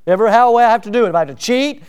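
Male preacher, high and clear-toned, reads aloud and stops to comment, stressing key words. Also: animated, rapid-fire, darkish tone. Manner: reads a passage then breaks off with asides and checks. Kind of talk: sermon reading and commenting on a book.

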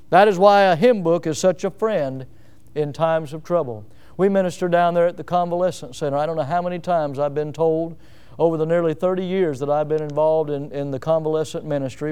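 A middle-aged man preaches with earnest conviction. His voice sits a little high for a man and stays smooth and resonant. He slows down deliberately whenever he recites the words of a hymn. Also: mellow. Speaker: pastor. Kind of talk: evening sermon.

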